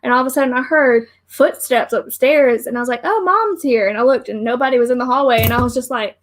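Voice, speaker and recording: A woman's voice: fairly high pitch, steady tone, fast talker. A young woman co-hosting a casual live stream, telling a story playfully and giggling. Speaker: co-host, daughter of the other host.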